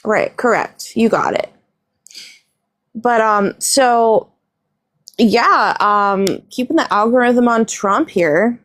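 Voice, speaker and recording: A woman hosts a loose chat, giggling and coaxing her guests along. Her voice sits high and unhurried, very dry and close on the mic. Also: fairly bright tone, no room sound. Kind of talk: casual chat.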